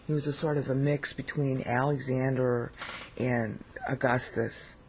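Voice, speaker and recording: A teacher with an American accent giving a digressive, chatty screen-share lecture on scripture, often pausing to check in with "okay?". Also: mid-range voice, steady tone, slight background noise. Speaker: Bible teacher.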